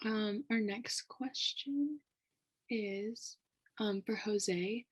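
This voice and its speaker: A woman's voice: mid-range voice, drawn-out words, husky. A young woman hosting a live student panel, thanking the guests and moving on to the next question in a friendly way. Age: young adult. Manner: friendly, moves questions along. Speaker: host.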